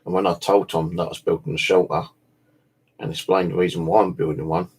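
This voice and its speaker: A man's voice: low-pitched, level tone, fairly quick, darkish tone, slightly rough. A tired man, chatting casually and rambling, swearing now and then. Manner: meandering, full of "you know" and "like", swears casually. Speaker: bushcraft vlogger.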